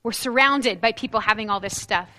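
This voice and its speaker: Woman, preacher, sermon, high bright voice, earnest, expressive. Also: brisk. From United States. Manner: earnest and expressive, reads scripture aloud, voice rising on emphasis.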